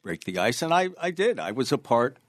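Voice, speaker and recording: A man's voice: mid-range voice, very animated, brisk, dry recording, studio quality. A man in his sixties from New York with a New York accent, a guest author telling stories in an interview and hammering home points by repeating them. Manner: emphatic, repeats key phrases. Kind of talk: casual interview storytelling.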